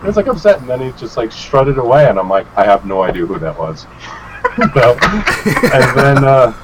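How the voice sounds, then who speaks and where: A man's voice: mid-range voice, brisk, background noise. A man guesting on a chat show, telling stories casually and acting out other people's lines with swearing and laughter. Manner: animated, acts out quotes with swearing and laughs. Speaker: guest, vape reviewer.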